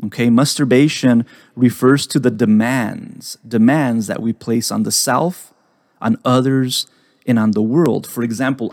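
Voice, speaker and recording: A man hosting a psychology podcast, explaining ideas slowly and often checking in with "right?". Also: mid-range voice, fairly even intonation, darkish tone, no echo. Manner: explains slowly, repeats key phrases, tags lines with "right?". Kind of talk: relaxed teaching talk.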